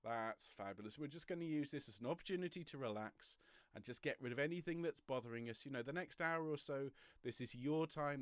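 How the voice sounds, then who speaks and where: An encouraging man coaches a choir through breathing and stretches in a jokey, step-by-step way. His voice sits a little high, and it comes over a home mic on a video call. The sound is dry and close, with no room echo. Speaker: choir leader. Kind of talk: leading an online choir warm-up. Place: home room, traffic passing outside.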